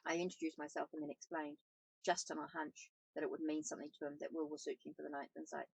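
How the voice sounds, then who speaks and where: A woman reads a first-person novel aloud, with small slips that she corrects as she goes. Her voice is husky, with a gravelly edge. The recording is dry and close to the mic. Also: low-pitched, level tone, quick pace, a little mellow, no echo, rough recording. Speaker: audiobook reader, tarot channel host.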